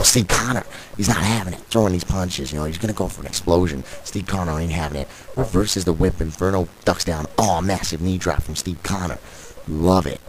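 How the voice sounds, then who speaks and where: Very deep-voiced excitable male commentator. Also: slight background noise. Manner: opinionated, excitable, biased toward one wrestler, mock-fearful outbursts. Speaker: wrestling commentator. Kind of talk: play-by-play commentary of a video game wrestling show. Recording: music playing behind.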